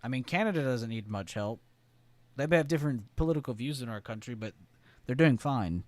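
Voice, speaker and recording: A man talks loosely on a live stream, drifting from one joke to the next and swearing freely. His voice sits at an ordinary pitch for a man. He greets viewers and answers their comments as he goes. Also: animated, brisk, no room sound. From United States. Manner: rambling, profane, joking. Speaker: live-stream trading host.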